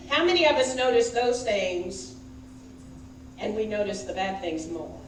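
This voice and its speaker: A woman minister preaches a conversational sermon in a church sanctuary and puts questions straight to the congregation. She speaks slowly in a mid-range voice. The background is noisy, and the sound is echoey, as if picked up from across the hall.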